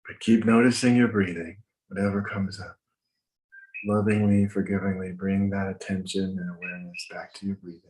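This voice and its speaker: A low-voiced man leads a breathwork meditation. He speaks slowly and gently, leaving pauses between calm instructions. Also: rough recording. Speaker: meditation teacher. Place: home with windows open.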